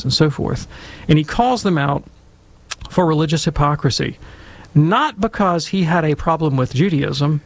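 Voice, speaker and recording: Animated gravelly-voiced man telling stories. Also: on the high side. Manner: animated, emphatic, conversational. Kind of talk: casual storytelling and commentary.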